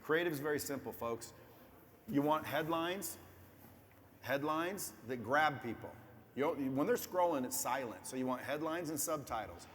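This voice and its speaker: Recorded in an echoey room with faint background noise, a guest entrepreneur talks at a moderate pace in a fairly bright, higher-leaning voice with lively intonation. His business advice is casual, blunt and full of profanity, aimed straight at viewers.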